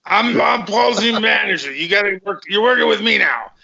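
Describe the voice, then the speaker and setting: A man's voice: high voice, animated, normal speed, gravelly, muffled recording, crowd noise, voice pushed up, full character voice. A man putting on the voice of a pushy, slick-talking male fight manager.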